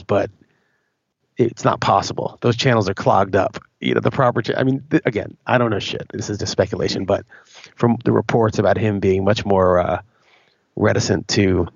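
A man's voice: lowish voice, gravelly, breathy edge, no echo, dull audio. A man co-hosting a podcast, talking bluntly and casually with swearing and frequent restarts. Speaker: podcast co-host. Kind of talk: casual opinionated chat.

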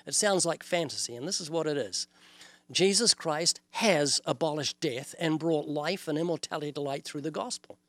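Earnest older New Zealand evangelist. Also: male voice, a little high, a bit bright, no echo. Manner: earnest, illustrative, quotes scripture and acts out dialogues. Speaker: evangelist guest. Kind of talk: preaching in an interview.

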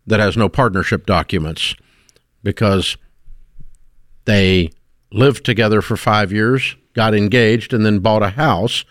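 A man's voice: lowish voice, unhurried, fairly bright tone, dry recording. Middle-aged guy radio host, blunt and preachy, dry studio sound. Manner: blunt, emphatic, lecturing. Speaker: radio talk show host. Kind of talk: call-in radio commentary.

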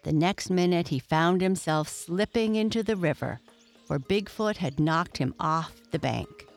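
Slow, measured children's storyteller. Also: medium pitch, creaky, faint music behind. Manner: measured, addresses the listener. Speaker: narrator.

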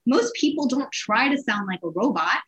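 Upbeat fast-talking woman giving sales advice. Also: on the high side, dull audio. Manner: energetic, animated, quick bursts. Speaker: sales guest. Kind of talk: casual interview advice.

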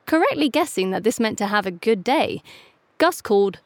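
Female storyteller, playful and expressive, dry close sound. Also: on the high side, moderate pace, no room sound. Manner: lively, playful reading. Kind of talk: children's story narration.

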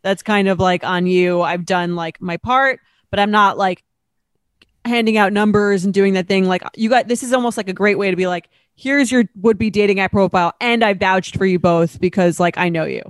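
A woman co-hosting a casual chat, talking quickly and loosely with many fillers, and reading a letter aloud. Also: medium pitch, dry recording. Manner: chatty, lots of "like" fillers. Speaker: podcast co-host.

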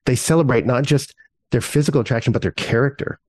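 A middle-aged pastor talks in an earnest, animated way, telling stories as a podcast guest. His voice sits at an ordinary pitch for a man. The sound is dry and close, with no room echo. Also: quick pace. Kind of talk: conversational podcast interview.

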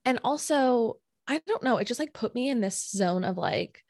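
A young woman co-hosting a podcast, telling a story in a casual, animated way, full of fillers and acted-out quotes. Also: on the high side, moderate pace, no room sound. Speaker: podcast co-host.

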